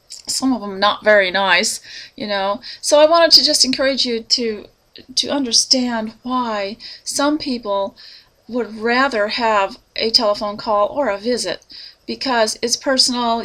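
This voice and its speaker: A woman, a preacher's wife, giving an earnest, unhurried devotional talk with soft laughs. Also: fairly high pitch.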